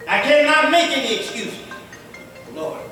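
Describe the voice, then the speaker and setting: Man preaching a sermon, very high voice, sharp tone, loud and soft by turns, frequent laughter, echoey hall, distant mic. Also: a little slow, soft background music. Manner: lively preaching that swings between loud and quiet; laughs often while telling stories. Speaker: imam. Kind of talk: Friday sermon. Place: mosque prayer hall.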